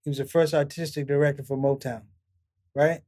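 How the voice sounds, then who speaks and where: Speaking fairly quickly in a slightly high voice, a middle-aged comedian spins long, animated stories as a guest on a casual podcast interview. He performs the voices of the people he quotes, with laughs mixed in.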